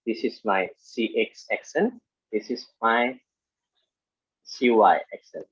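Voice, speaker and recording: A man lecturing on engineering statics in halting speech full of fillers and restarts, working through a problem step by step. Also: fairly low pitch, a bit bright, slightly rough, no echo. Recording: muffled lo-fi audio.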